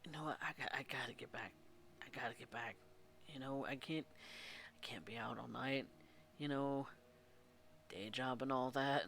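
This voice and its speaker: A man's voice: medium pitch, creaky. A man whispering as a nervous captive young man. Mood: anxious. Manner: hushed, whispery, hurried.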